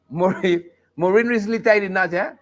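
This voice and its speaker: A man hosting a live talk show, joking and commenting on the news in a playful, casual way. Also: sits high. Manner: joking, playful, sings snippets and laughs often.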